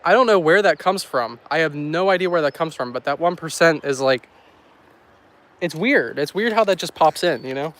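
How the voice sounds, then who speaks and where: This man's voice sits on the high side and is expressive and fairly bright, moving at a moderate pace. Walking by a rural road, he films a casual outdoor weather livestream on a handheld phone, joking and rambling with his chat.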